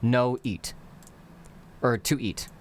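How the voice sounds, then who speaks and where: A man giving a casual live-streamed language lesson, speaking slowly and carefully as he lays out each word's literal meaning. His voice sits at an ordinary middle pitch, and keyboard typing clicks behind him. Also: steady tone, slight background noise. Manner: slow, explanatory, breaks words into literal glosses. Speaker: conlang teacher streaming live.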